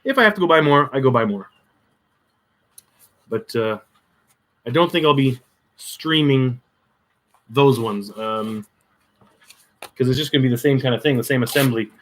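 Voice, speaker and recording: A man's voice: mid-range voice, normal speed, pauses often, fairly bright tone. A man chatting casually on a crafting livestream, muttering to himself as he works, with dry sarcastic asides.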